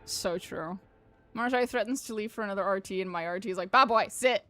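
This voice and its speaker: A woman's voice: mid-range voice, quick pace, soft background music. A woman streamer chatting casually and jokily with her chat while playing a game. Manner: chatty, joking, laughs often. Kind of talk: casual livestream commentary.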